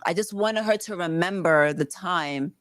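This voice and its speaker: Animated New woman telling a story. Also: on the low side, a little slow, no echo. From the Bronx, New York. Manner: animated, swearing freely, with slangy asides. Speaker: podcast guest. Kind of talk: casual conversational storytelling.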